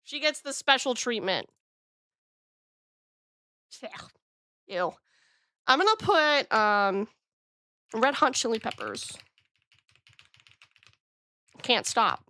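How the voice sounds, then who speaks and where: A young adult woman streaming from home, chatting casually in a gushing, excitable way and swearing freely, close on the mic. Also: a little high, takes it slowly, pauses often, no room sound. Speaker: VTuber streamer. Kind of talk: casual live-stream chat.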